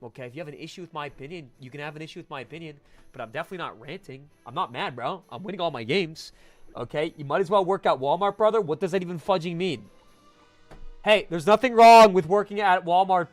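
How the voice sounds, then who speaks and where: Animated high-voiced male streamer. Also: no room sound. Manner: animated, swings from mumbled asides to loud protests. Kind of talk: casual live-stream chat with viewers.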